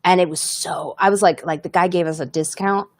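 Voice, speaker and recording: A woman's voice: lowish voice, steady tone, brisk, no echo. A woman comedian hosting a casual live podcast, talking candidly and reading viewer comments aloud.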